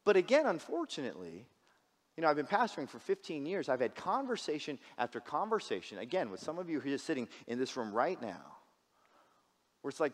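Lively, joking male pastor preaching. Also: a little high, fairly quick, long reverb tail. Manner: casual and joking, with many restarts. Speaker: pastor, guest speaker. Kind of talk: sermon. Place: church sanctuary.

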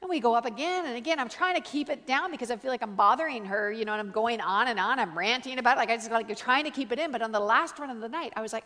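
High-voiced Canadian woman preaching in a hall. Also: rapid-fire, hardly any pauses. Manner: animated, chatty, full of "like" and "uh", acts out quotes in higher voice. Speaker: guest preacher. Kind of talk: storytelling sermon. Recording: long reverb of a large hall.

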